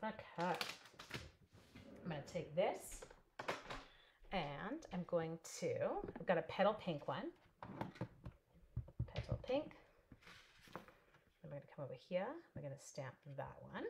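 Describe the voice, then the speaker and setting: A woman's voice: fairly low pitch, very animated, slow pace, pauses often, background noise. A middle-aged woman chatting casually and bubbly while demonstrating paper crafts at home, joking and wandering off topic. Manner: chatty, bubbly, jokes and digresses while working. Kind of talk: casual crafting livestream chat.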